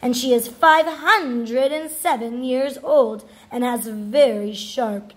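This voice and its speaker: A woman's voice: a little high, slow pace. A woman playing a bossy scheming older sister.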